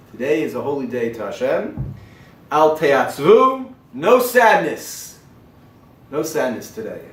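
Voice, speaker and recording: Male rabbi preaching, quotes then translates, kinda high voice, echoey room, mic far off. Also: slight background noise. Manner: dramatic, swings from loud emphatic to quiet hushed; quotes Hebrew verses then translates them. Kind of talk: sermon-style Torah class.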